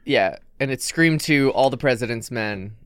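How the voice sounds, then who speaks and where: A man on a casual podcast, retelling a movie plot in animated detail with lots of fillers. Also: medium pitch, normal speed, smooth. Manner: animated storyteller, many fillers. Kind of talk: casual chat.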